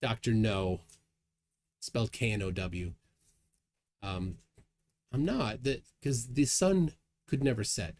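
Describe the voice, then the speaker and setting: A man's voice: fairly low pitch, slow pace, long pauses, slight background noise. A man hosting a casual livestream, chatting and reading viewer comments aloud with a chuckle. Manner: lively, chuckling, reads chat aloud. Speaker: livestream host.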